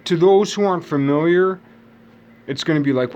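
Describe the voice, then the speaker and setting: A man's voice: a little high, expressive, normal speed, highs cut off, slight background noise. A man talking alone in a loose, rambling monologue, jumping between tangents and correcting himself as he goes. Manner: meandering, self-correcting, jumps between tangents.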